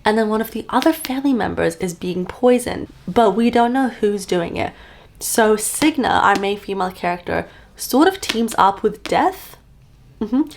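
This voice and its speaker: A young woman in her twenties chatting casually about a book she is reading, upbeat and full of fillers, recorded on a camera-mounted mic at home. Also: mid-range voice. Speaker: book vlogger. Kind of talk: casual reading vlog chat. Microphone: camera-mounted shotgun mic.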